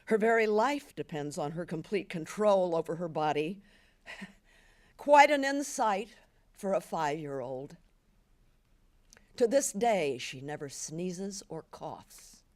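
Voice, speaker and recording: An older woman in her seventies giving an intense, expressive literary reading at a symposium. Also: deep voice. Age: 70s. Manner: intense, expressive, slowing for weight. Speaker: reader. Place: symposium event.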